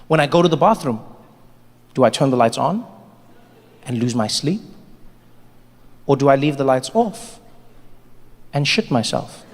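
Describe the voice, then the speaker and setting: A man performing a stand-up comedy set, animated and playful, on a large theater stage. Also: mid-range voice, measured pace, pauses often. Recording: long hall reverb, faint noise.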